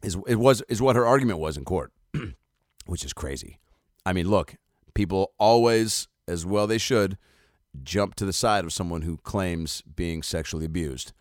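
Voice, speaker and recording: A male comedian in his thirties riffs loosely to camera, swearing freely. His voice sits on the low side. The sound is dry and close. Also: measured pace, no echo. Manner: rambling, profane, loose and jokey. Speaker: comedian and host. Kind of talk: casual comedy monologue to camera.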